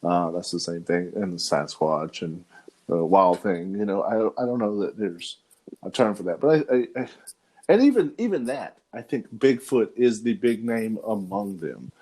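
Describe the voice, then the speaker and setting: A man co-hosting a podcast in casual chat, circling his point with frequent restarts. His pitch swings widely as he talks. The recording is dry and close. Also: expressive, normal speed, mellow, dry recording. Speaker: podcast co-host.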